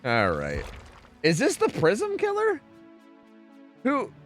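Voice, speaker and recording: A young man streaming a game, talking casually and swearing often. His pitch swings widely from low mutters to high yelps, and faint music plays behind him. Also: wildly swooping pitch, slow. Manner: profane, rambling, reacts loudly to chat. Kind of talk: casual gaming stream chat.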